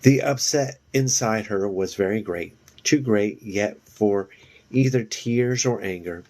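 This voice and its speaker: A man reads a novel aloud in a low voice. He takes it slowly, stumbling and restarting on words here and there. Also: darkish tone. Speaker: reader.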